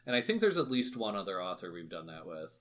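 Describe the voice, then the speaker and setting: A man co-hosting a book podcast in casual chat, speaking in a wordy, wry, measured way. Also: low voice, sing-song, a bit bright, slight background noise. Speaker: podcast co-host.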